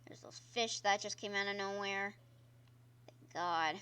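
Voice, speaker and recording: A woman's voice: mid-range voice, steady tone, unhurried, bright, forceful tone, clear, resonant tone. A woman streamer giving casual gameplay commentary, chatty and exclaiming at the game while talking to her viewers. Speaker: gaming streamer. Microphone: own microphone.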